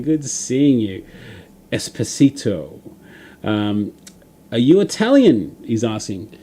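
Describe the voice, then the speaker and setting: A man's voice: lowish voice, mellow. An Australian man hosting a livestream, chatting casually and reading out viewer comments, rambling with lots of fillers and restarts. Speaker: livestream host.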